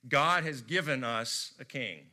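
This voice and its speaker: An American man preaching a sermon, telling stories expressively and swinging from loud emphasis to hushed tones. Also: mid-range voice, a little slow. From United States. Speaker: pastor.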